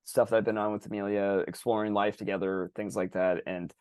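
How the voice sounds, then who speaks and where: A man co-hosting a podcast in casual chat, animated, swearing freely and acting out other people's voices. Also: fairly low pitch, fairly quick, clean tone, no echo, clean studio sound. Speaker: podcast co-host.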